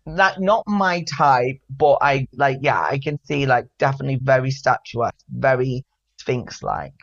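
A man's voice: mid-range voice, measured pace, creaky, muffled recording. A man co-hosting a podcast in casual chat, camp and giggly, rambling with many fillers. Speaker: podcast co-host.

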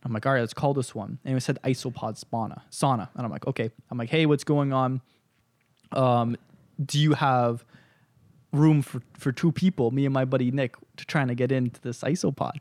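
A man's voice: medium pitch, fairly even intonation, moderate pace, darkish tone, no room sound. A young man from Canada hosting a podcast, telling a long story in casual chat, swearing freely, laughing often and acting out what people said. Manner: swears a lot, laughs often, acts out quotes. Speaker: podcast host.

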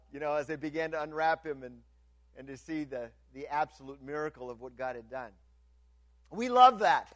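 High-voiced man preaching with big swings. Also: dry recording. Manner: stammering restarts, swinging from loud to hushed. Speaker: pastor. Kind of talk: sermon.

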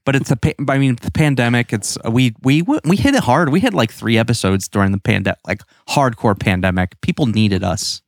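A man co-hosting a podcast, chatting casually and getting animated, repeating words as he gets going. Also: medium pitch, a little fast, few pauses, no echo, studio quality. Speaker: podcast co-host. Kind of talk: casual chat.

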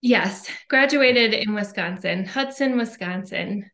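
A woman's voice: mid-range voice, slow, fairly bright tone. Minnesota lady guest on a podcast, chatty, lots of ums, telling her story. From Minnesota, USA. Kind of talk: casual interview chat.

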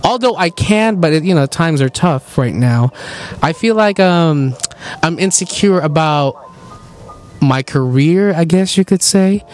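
A young man hosting a casual podcast, talking in a halting, reflective way and turning questions to his guest. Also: fairly high pitch, animated. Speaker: podcast host. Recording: background music under the voice.

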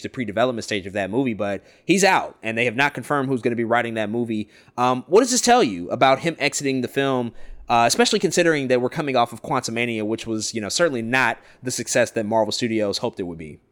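A man's voice: medium pitch, a bit bright. A man co-hosting a pop culture podcast, talking through entertainment news in a casual, analytical way. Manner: brisk, analytical, rambling asides. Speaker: podcast co-host.

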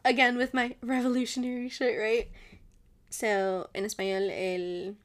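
A woman's voice: a little high, expressive, takes it slowly. A woman hosting her own show, chatting casually and rambling, laughing often and switching into Spanish now and then. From Mexican family. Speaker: podcast host. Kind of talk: casual solo chat.

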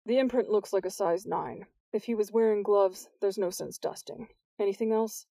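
A middle-aged police sergeant, voiced by a woman reading aloud, flat and clipped, dropping a little lower and quieter than the teens. The delivery is unbothered and dismissive, recorded close and dry. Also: moderate pace, creaky, no echo.

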